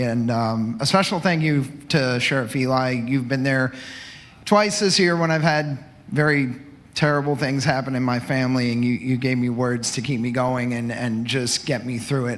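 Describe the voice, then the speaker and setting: A man in the audience, halting and heartfelt as he thanks the panel. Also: medium pitch. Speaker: audience member.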